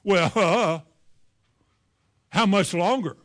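A man preaching a sermon, reading scripture verses and retelling them in lively, folksy everyday speech. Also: high-pitched, extremely slow.

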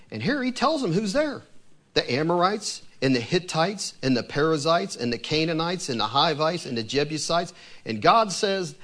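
A man's voice: on the high side, sing-song, moderate pace, a bit bright. A man preaching a sermon who reads scripture aloud and asks his listeners questions.

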